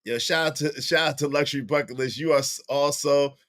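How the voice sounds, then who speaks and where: A young man with a Brooklyn accent, giving slangy, animated live-stream commentary and laughing often. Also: fairly high pitch, a little fast, no room sound. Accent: Brooklyn New York. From Brooklyn, New York. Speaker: streamer reacting to a show.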